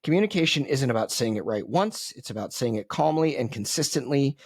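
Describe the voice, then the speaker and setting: A man's voice: medium pitch, animated, fairly quick, breathy edge, no echo. A man hosting a solo podcast, talking in a conversational, reflective way with frequent ums and asides, close to the mic. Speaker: podcast host.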